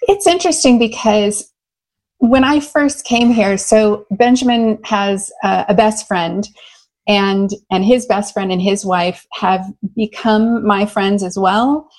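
Woman, love coach, interview guest, enthusiastic, loud, laughs a lot, mid-pitched voice. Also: slow pace. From United States. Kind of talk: candid interview storytelling.

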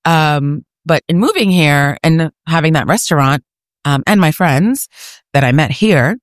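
A woman's voice: deep voice, animated, unhurried, dry recording, clean studio sound. A woman from New York City, chatting casually and laughing often as a guest, seated at an outdoor eating area on a market street. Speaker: guest, food podcaster. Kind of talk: casual conversation.

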